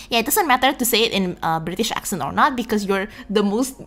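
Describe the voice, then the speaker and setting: A young Indonesian woman with an Indonesian accent chats casually on a stream, greeting viewers and reading out their messages while rambling and restarting. Her medium-pitched voice is a bit bright, though her throat is sore and phlegmy. Faint music plays in the background.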